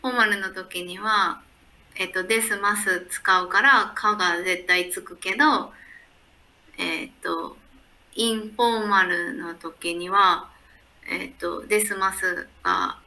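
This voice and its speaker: A woman with a Japanese accent speaks hesitantly, often searching for her words. Her voice is bright and clear, and she drops in short murmurs of agreement as she listens. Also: medium pitch, steady tone, moderate pace, low-quality recording. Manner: hesitant, many short backchannels. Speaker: Japanese teacher learning English. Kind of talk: casual chat.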